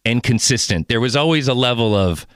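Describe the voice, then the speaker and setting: A man's voice: mid-range voice, animated, a little fast, clear, resonant tone, no room sound, clean studio sound. A man in his forties hosting a podcast, talking candidly and earnestly, swearing casually. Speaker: podcast host. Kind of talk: casual interview chat.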